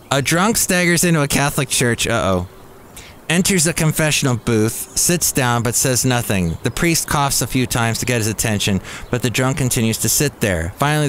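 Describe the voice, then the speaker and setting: A man's voice: mid-range voice, animated, normal speed, fairly bright tone, a little hiss or hum. A man hosting a comic podcast in a goofy, jokey way, reading jokes aloud and slipping into silly voices. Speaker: podcast host. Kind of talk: comic solo podcast chat.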